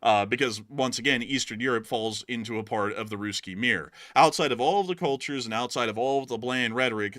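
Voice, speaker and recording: A man's voice: mid-range voice, sharp tone, dry recording, clean studio sound. A man hosting a live-streamed news show, casually commenting and reading out viewer chats, with lots of fillers and restarts. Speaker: livestream news host.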